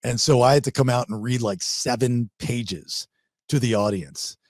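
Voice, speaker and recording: A man who hosts a radio and podcast show, chatting casually and telling animated stories from his years in radio. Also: medium pitch, normal speed, no echo, studio quality. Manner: animated storyteller, rising excitement in anecdotes. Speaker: radio host. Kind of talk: casual podcast chat, storytelling.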